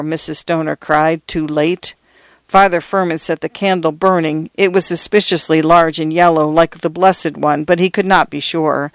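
A man narrating a story in a measured, even audiobook reading. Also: on the high side, vocal fry, no room sound.

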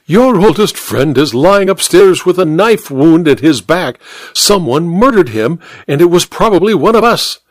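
A man putting on a shrill, distraught duchess. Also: expressive, measured pace, dry recording. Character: distraught aristocratic duchess, woman, middle-aged.

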